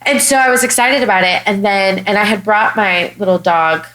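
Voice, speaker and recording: A young Chicago woman, a stand-up comic who hosts a podcast, tells a story in a blunt, animated way, swearing constantly. Her voice sits mid-range at a moderate pace, and the recording quality is low. It's casual storytelling chat.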